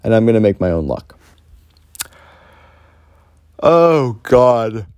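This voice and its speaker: A man's voice: on the low side, big pitch swings, takes it slowly, darkish tone, smooth. A young man talking alone on his podcast, rambling and self-deprecating, swearing freely as he thinks aloud. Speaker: podcast host. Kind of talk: casual solo podcast monologue.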